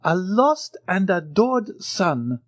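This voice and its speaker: A man's voice: high voice, very animated, slow pace, no echo, voice pushed up, heavily acted. A man putting on a fawning old major. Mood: eager. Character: timid, eager old male ex-soldier.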